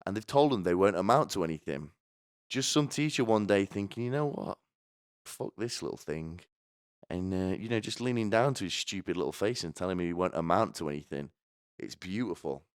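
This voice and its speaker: In a sardonic comedic monologue, a podcast host with a low, smooth, resonant voice rambles along at a fairly quick clip, often restarting sentences. The sound is dry and close-miked, with no room sound.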